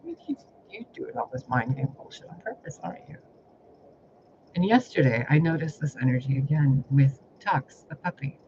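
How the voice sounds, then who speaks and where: In a casual vlog, a spiritual reader tells rambling stories about his personal life, exasperated and swearing heavily. His medium-pitched voice is animated and moves at a normal speed. The lo-fi recording sounds dull, with a faint hiss.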